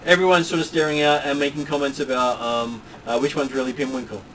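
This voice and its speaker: A man's voice: medium pitch, fairly even intonation, fast talker, a bit bright, recorded from a distance, a little hiss or hum, low-quality recording. A man narrating a tabletop game as game master, rambling along with many fillers.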